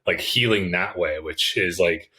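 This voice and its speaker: Male podcast host, very low voice, laid-back interviewer. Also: measured pace, bright, forceful tone. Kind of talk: casual podcast conversation.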